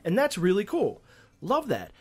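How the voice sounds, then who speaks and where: A man co-hosting a casual gaming podcast, talking in a rambling, animated way with frequent restarts and casual swearing. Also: high voice, moderate pace. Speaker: podcast co-host. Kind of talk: casual chat.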